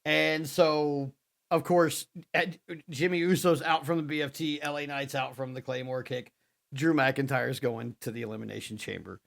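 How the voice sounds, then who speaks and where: A man co-hosting a podcast, telling a wrestling recap as an animated storyteller. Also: mid-range voice, normal speed, vocal fry. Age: adult father. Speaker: podcast co-host. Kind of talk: casual wrestling recap chat.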